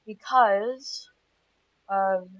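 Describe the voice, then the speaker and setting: A gaming host with a stuffy nose chats casually while playing, getting startled every so often. His voice sits at medium pitch, moves very slowly, and has a fairly bright tone. The recording sounds dull and lo-fi.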